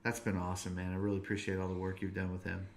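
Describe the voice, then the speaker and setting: A man's voice: low-pitched, completely flat delivery. A man in his thirties hosting a podcast, chatting casually in a playful, joking way and stretching out his stories. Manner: playful and joking, drawn-out storytelling. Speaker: podcast host. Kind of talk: casual chat.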